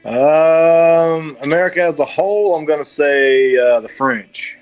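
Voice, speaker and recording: A man's voice: on the high side, measured pace, a little mellow, clean tone, no echo, highs cut off, soft background music. A man with a Southern US accent co-hosting a casual podcast, hesitant and full of fillers. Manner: hesitant, many fillers and restarts. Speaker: podcast co-host. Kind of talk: casual chat.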